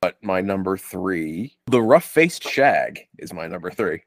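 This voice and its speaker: A man's voice: low-pitched, animated, unhurried, no echo, clean studio sound. A man from the United States co-hosting a podcast in casual chat, with wry, sarcastic asides. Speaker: podcast co-host.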